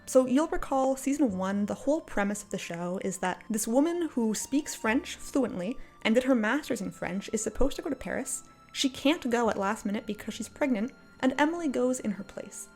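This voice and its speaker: A woman's voice: on the high side, darkish tone. Exasperated, sarcastic woman ranting. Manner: exasperated and sarcastic, laughs often. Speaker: video creator. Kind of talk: casual commentary rant. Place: apartment, indoors. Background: faint cafe music.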